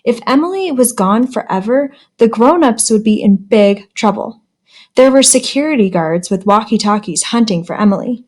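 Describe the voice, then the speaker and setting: A woman reading a children's chapter book aloud, with lively pitch jumps for the quoted characters. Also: normal speed. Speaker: read-aloud storyteller.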